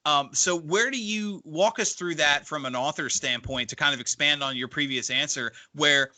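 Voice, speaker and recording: A man's voice: fairly high pitch, normal speed, sharp tone, no echo. A man co-hosting a podcast who halts and restarts while framing long questions for the guest. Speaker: podcast co-host. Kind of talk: casual podcast interview.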